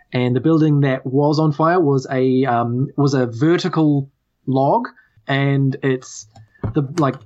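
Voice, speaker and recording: A woman's voice: rumbling low, a little mellow, poor audio. A woman narrating a tabletop game as game master, hesitant with many fillers.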